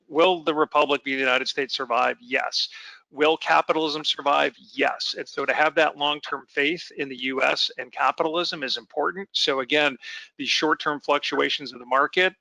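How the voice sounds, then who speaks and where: A man's voice: on the high side, gravelly, pushed and bright, no echo, low-quality recording. A man answering as a webinar panelist over a video call, earnest and reassuring.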